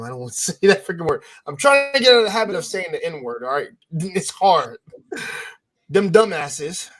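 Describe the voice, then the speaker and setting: A man on a podcast panel speaking bluntly and profanely, rambling through his points. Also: fairly high pitch. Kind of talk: casual panel chat.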